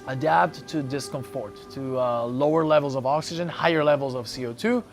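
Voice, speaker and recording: A man's voice: mid-range voice, fairly quick, faint music behind. A man coaching a breath-hold session, encouraging the group and calling out hold times.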